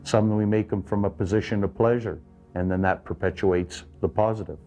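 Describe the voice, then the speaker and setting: A man calmly explaining ideas about choice and responsibility in a measured, lecturing way. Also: on the low side, faint music behind. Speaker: clinic therapist. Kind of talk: calm explanatory talk.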